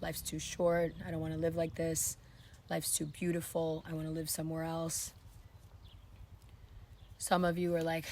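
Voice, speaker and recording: A woman with a hoarse, worn voice giving a casual monthly tarot reading outdoors, talking in a relaxed, reassuring way and often repeating her phrases. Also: low voice, moderate pace, long pauses, a little hiss or hum. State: hoarse, lost voice. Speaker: tarot reader. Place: outdoors in a breezy spot.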